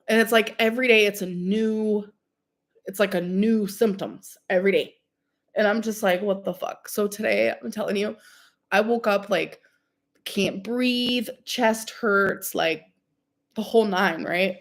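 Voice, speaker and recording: Her medium-pitched voice stays fairly even and a little slow as this young streamer, under the weather with a cold-like illness, chats casually with her audience. The talk wanders and is heavy on fillers.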